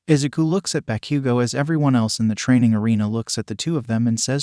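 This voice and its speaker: A man reads a fan fiction story aloud at an even, unhurried pace. His voice sits in a middle pitch, and the recording is dry and close, with no room sound. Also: no echo. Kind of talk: steady story narration.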